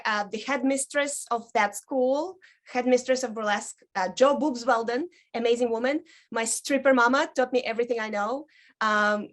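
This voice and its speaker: Chatty woman, lively anecdotal storyteller. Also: fairly high pitch. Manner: chatty storyteller with frequent ums, likes, laughs and lively quoted voices. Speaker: podcast guest, burlesque dancer. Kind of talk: casual interview chat.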